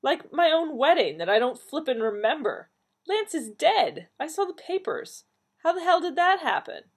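A woman voicing a confused, quick-tempered adult woman who speaks in exasperated, emphatic bursts. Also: high voice, very animated, slightly rough, voice pushed up, heavily acted. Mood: agitated.

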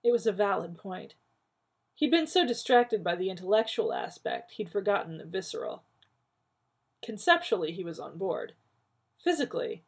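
A woman narrating a work of fiction at a steady, even pace in a husky, gravelly voice. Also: lowish voice. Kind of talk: audiobook reading of fiction.

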